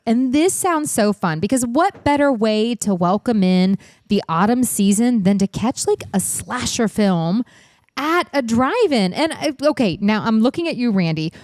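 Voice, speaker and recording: A woman co-hosting a casual podcast, bubbly and quick to laugh and chime in. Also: medium pitch, a little mellow, dry recording, studio quality. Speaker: podcast co-host.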